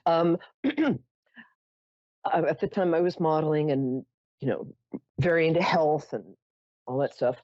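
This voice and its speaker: A woman's voice: sits low, unhurried, pauses often, warm tone, no echo, muffled recording. A woman hosting a psychic call-in show, telling a story in a chatty, theatrical way with self-mocking asides. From New York. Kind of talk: casual storytelling to callers.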